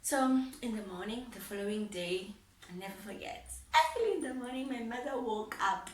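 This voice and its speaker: A woman's voice: a little high, expressive, normal speed, a little hiss or hum. A young woman vlogger telling a personal story in a heartfelt way, repeating phrases and laughing often. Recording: roomy sound, mic at a distance.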